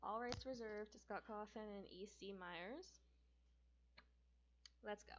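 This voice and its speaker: A woman's voice: medium pitch, a little slow, pauses often, a bit bright, a little hiss or hum. Chatty young woman reading aloud. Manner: chatty, jokey, stumbles and self-corrects. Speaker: gaming streamer reading a book aloud. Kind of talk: casual read-aloud with asides. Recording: dull lo-fi recording.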